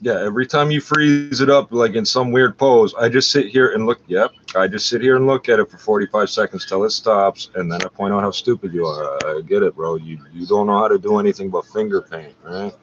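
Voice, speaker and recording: A man with a lowish voice rants at the camera from his computer, taunting and cursing in a confrontational way. The recording is dull and lo-fi, with a faint hiss underneath. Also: brisk, few pauses. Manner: confrontational, taunting, swears a lot. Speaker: streamer talking to camera. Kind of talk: profane rant to camera.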